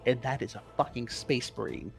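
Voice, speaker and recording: A man's voice: medium pitch, fairly quick, gravelly, faint music behind. A man co-hosting a casual podcast, explaining game lore in a rambling, profane way and correcting himself as he goes.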